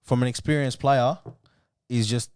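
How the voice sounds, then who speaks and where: A man's voice: mid-range voice, steady tone, normal speed, darkish tone, a little hiss or hum. A man, co-hosting a casual football chat, laid-back and slangy, laughing often. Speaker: podcast co-host.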